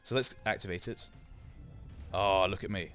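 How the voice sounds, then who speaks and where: A man's voice: sits low, normal speed, fairly bright tone, soft background music. A man hosting a let's play, chatting and rambling through explanations with lots of asides, into a desk microphone. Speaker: gaming channel host.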